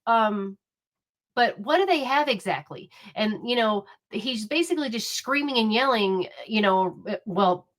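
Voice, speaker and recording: A woman's voice: fairly high pitch, animated, moderate pace, a bit bright. A woman giving casual true crime commentary, talking in an indignant, chatty way with many fillers and restarts.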